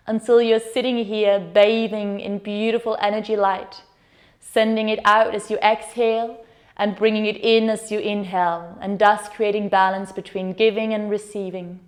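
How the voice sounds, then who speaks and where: A woman yoga teacher leading a guided meditation with slow, soothing, gentle instructions. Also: mid-range voice.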